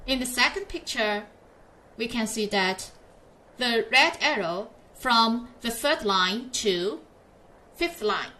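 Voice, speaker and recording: A woman teaching pinyin, speaking slowly and patiently in English and drawing out each model sound for learners to copy. Her voice sits a little high, and she leads the class step by step. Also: expressive, bright, forceful tone. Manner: slow, patient, drawn-out model syllables for repetition. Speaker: Chinese teacher.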